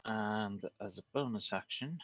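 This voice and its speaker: Male player, teasing, low but bright and forceful. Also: a little slow, lo-fi sound, faint music behind. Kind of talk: casual game chat.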